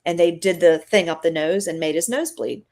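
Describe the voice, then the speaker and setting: A woman's voice: lowish voice, moderate pace, a little mellow. Earnest woman sharing a testimony. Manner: earnest, emotional testimony, chatty. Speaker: guest. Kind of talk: live-stream conversation.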